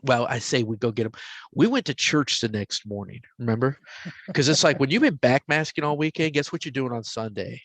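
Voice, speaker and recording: A man in his forties tells a story in a casual, conversational way, his voice sitting at an ordinary middle pitch. He gets animated at the exciting parts and drops into a hushed whisper when he quotes the voices. The recording is dry and close, with no room sound. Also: fairly quick, dry recording. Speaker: podcast host telling a story.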